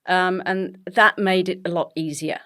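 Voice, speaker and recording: A woman in her forties from England with a BBC-style English accent, telling her story as an interview guest with animated, laughing delivery. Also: on the low side, a little slow. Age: 40s. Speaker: guest, health coach. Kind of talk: conversational interview.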